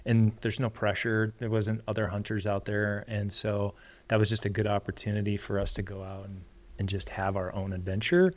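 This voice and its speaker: A man, a podcast guest, telling a story in a casual, animated way and acting out the quoted lines. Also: moderate pace. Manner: animated storyteller, acts out quotes with big pitch jumps.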